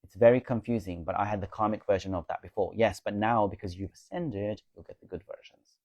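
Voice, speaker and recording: A man's voice: fairly low pitch, brisk, darkish tone, dry recording. A man hosting a casual live-stream Q&A, reading viewer comments aloud and answering them in a confident, coaching way. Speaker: spiritual live-stream host.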